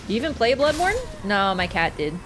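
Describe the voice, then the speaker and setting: A woman's voice: mid-range voice, big pitch swings, a little fast, noisy background. Chatty young woman streaming games. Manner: chatty, playful, reading chat aloud. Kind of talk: casual live-stream chat.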